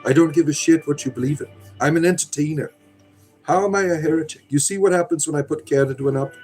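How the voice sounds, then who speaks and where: A man's voice: a little high, fast, a little mellow, faint music behind. A middle-aged man hosting a casual livestream, reading chat aloud in a rambling, sardonic, irreverent way.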